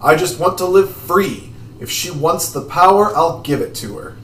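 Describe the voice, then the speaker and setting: A man reading as a calm bandit boss. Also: on the high side, normal speed, a little hiss or hum, pitched above the performer's own voice. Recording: echoey room, distant mic.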